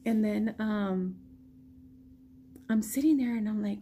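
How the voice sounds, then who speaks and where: A woman's voice: medium pitch, slow, long pauses, slight background noise. An American woman vlogging a personal story in a casual way, acting out what people said. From United States. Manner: animated retelling, acting out quoted lines.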